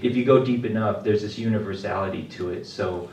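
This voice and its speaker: An actor on a post-screening panel talks casually, joking and chuckling between points. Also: male voice, on the low side, fairly quick, darkish tone, a little hiss or hum. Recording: roomy hall, distant mic.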